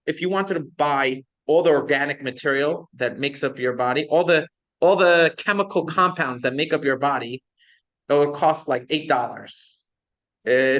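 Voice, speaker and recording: A man's voice: high-pitched, fairly bright tone. A man, a rabbi, teaching a class in a conversational lecture style, often checking in with his students and asking them questions.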